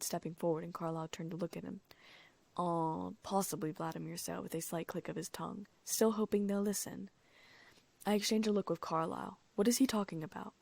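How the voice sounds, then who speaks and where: A woman's voice: fairly low pitch, vocal fry, a little mellow, dry recording. A woman narrating a first-person audiobook, reading the dialogue in her own voice with small lifts for each character.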